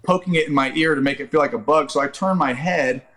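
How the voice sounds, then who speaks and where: A man in his thirties telling a long, animated, profane story as a guest on a casual podcast chat. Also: a little high, quick pace. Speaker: podcast guest, actor and Army veteran.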